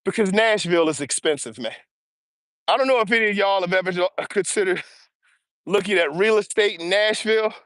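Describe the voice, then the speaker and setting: Male livestream host, breathy on the move, energetic and chatty, high voice, dry close mic. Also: moderate pace, pauses often, no room sound. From US East Coast. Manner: energetic, chatty, greets viewers by name. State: audibly breathing hard while walking. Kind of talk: casual livestream chat while walking. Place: outdoors on an early-morning walk. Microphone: earbuds or small mic.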